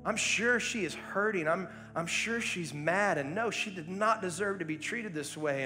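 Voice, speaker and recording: A man's voice: sits high, expressive, normal speed, hardly any pauses, pushed and bright, soft background music. A man preaching a sermon as pastor, retelling a story in an earnest, conversational way with frequent ums and uhs.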